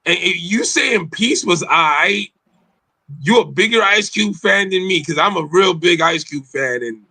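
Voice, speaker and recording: A man's voice: sits high, expressive, a little slow, bright, forceful tone, no room sound, poor audio. A man co-hosting a casual podcast chat, talking emphatically with lots of profanity. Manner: profane, emphatic, talks over others. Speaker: podcast co-host.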